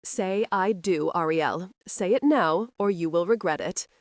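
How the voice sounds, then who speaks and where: A woman doing a stern young earl, low and hard. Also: lively intonation, moderate pace, dry recording, clean studio sound. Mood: commanding. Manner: hard, clipped commands.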